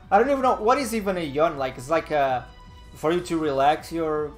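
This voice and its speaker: A man's voice: on the high side, expressive, normal speed, soft background music. A young man chatting casually on a live stream, rambling and laid-back, still a little nasal from a cold. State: slightly nasal from a fading cold.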